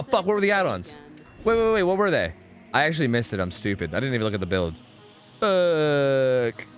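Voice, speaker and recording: A young man streaming a game, chatting casually with his viewers, swearing freely and trailing into quick asides. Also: fairly high pitch, fairly bright tone. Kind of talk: casual gaming commentary.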